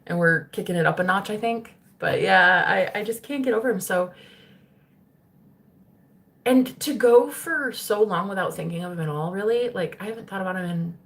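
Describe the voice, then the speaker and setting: Her medium-pitched voice is a bit bright and moves at normal speed as this young spiritual streamer chats with viewers. She's talkative, laughs frequently and doesn't hold back on swearing.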